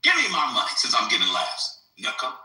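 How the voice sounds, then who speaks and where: Animated provocative man on a live stream. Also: fairly low pitch, fast, echoey room, rough recording. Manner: animated, provocative, swings loud to soft. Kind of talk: crude casual live-stream debate.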